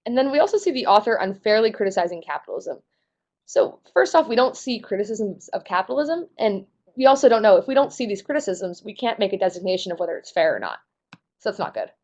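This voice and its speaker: A woman's voice: medium pitch, very animated, quick pace, a little mellow. A young woman, a test prep tutor, explaining answer choices in a casual, lightly self-mocking way.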